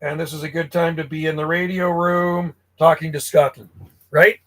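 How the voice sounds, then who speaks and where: A man's voice: fairly high pitch, flat delivery, moderate pace, a bit bright, low-quality recording. Friendly ham radio man calling on air. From Canada. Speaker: radio operator. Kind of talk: live-streamed ham radio chat. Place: home radio room.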